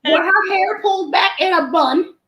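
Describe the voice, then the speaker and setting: High-pitched woman telling a funny story, lots of laughing, echoey room. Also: moderate pace. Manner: animated, laughing, acts out quotes. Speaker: event promoter, guest. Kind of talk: casual storytelling. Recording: roomy echo.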